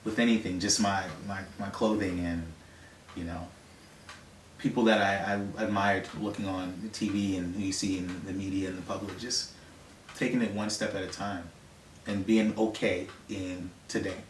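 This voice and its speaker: Soft-spoken trans man in echoey room. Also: low-pitched, fairly even intonation, moderate pace, recorded from a distance, slight background noise. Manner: soft-spoken, breaks into loud laughter. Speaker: interview guest. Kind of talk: relaxed storytelling.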